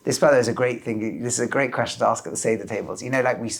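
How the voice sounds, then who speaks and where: A man teaching a lively class as a rabbi, questioning his students and mixing Hebrew terms into English. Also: medium pitch, rapid-fire. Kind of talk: lively Torah class lecture.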